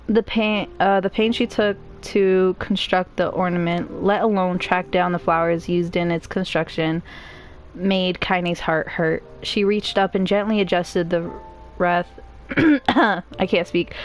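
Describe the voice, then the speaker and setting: Emotional woman streamer reading a game story. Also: lowish voice. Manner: emotional, chatty asides between narration.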